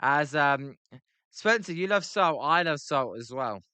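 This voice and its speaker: Bright, crisp British man commentating. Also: on the high side, expressive, unhurried, no echo. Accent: British English. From Britain. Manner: rambling, many ums, reads chat aloud. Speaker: livestream commentator. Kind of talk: casual play-by-play with chat reactions.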